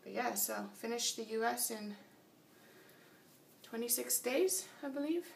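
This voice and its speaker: A tired woman vlogs from a small motel room about her long-distance cycling trip after a long flight, laughing often as she chats. Her voice is on the high side, unhurried and creaky, picked up from far off the mic with a little hiss or hum.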